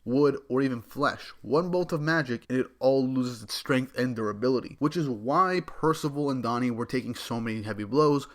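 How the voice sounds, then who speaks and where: A man's voice: mid-range voice, a bit bright. A man giving a casual, chatty recap of a manga chapter, often restarting his sentences and adding his own opinions. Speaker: manga reviewer.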